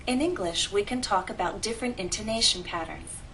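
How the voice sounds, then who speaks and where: A woman teaching an English pronunciation lesson, speaking clearly and deliberately. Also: medium pitch, a bit bright, a little hiss or hum, rough recording. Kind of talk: scripted lesson narration.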